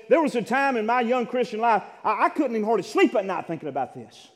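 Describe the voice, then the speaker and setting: A man preaching a sermon from a church pulpit, fervent, dropping to a hush and rising to shouts, repeating phrases and calling for amens. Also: very high voice, expressive, quick pace, hardly any pauses. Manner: fervent, swings from hushed to shouting. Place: church sanctuary. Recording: long hall reverb.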